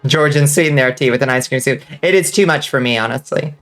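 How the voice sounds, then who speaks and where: A woman's voice: extremely low pitch, quick pace, faint music behind. A woman streaming a game, chatting casually with viewers, swearing freely and laughing often. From US South. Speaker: vtuber streamer. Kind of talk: casual gaming stream chat.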